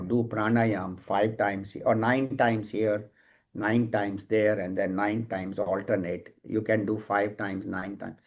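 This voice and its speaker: A middle-aged man giving a calm, explanatory scripture class and now and then telling a light joke. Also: medium pitch. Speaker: spiritual teacher. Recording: dull lo-fi sound.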